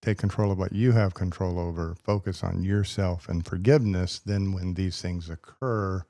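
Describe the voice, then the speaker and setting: A man who co-hosts a faith podcast as a doctor, making quick joking asides and turning measured when he explains. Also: low-pitched, fairly even intonation, dark tone, no room sound. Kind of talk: casual podcast chat.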